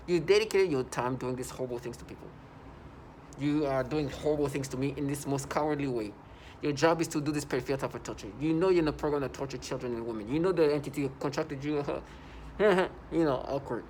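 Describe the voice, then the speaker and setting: This time the same kind of agitated, meandering vlog comes in a mid-range, darkish male voice at a fast clip. He keeps backtracking and fixing his words, and faint hiss or hum sits underneath.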